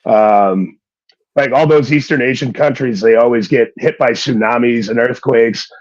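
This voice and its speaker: A man's voice: medium pitch, moderate pace, lo-fi sound. A male comedian guest on a comedy podcast, talking hesitantly with many fillers. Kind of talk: casual comedy chat.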